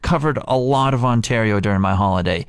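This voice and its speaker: A man's voice: fairly low pitch, fast, smooth, dry recording. A man co-hosting a morning radio show, chatting casually in an enthusiastic, emphatic and rambling way from the studio.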